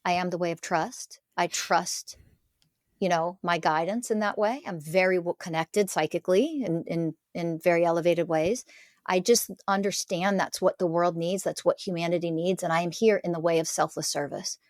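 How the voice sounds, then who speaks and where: Earnest middle-aged woman, low voice. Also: moderate pace, no echo, clean studio sound. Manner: earnest, emphatic, speaks in declarations. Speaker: podcast guest, spiritual teacher. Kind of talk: conversational interview.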